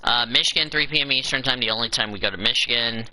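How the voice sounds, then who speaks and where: A man's voice: medium pitch, fast talker, bright, forceful tone, rough recording. A man hosting a casual show, reading through a schedule and breaking in with exasperated asides. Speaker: show host. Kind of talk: casual podcast commentary.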